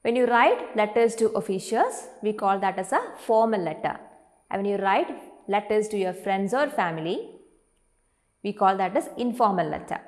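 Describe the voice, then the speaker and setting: A woman's voice: mid-range voice, lively intonation. Indian English woman teaching in a reverberant hall. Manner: slow, drawn-out pronunciation of words when showing their syllables; asks the class questions and answers them herself. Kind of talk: online classroom lesson. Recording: long reverberant hall sound.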